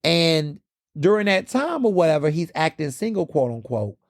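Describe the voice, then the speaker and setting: A man hosting a podcast, recapping a reality show in casual, animated commentary and slipping into the voices of the people he quotes. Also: a little high, normal speed, no room sound, studio quality. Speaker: podcast host.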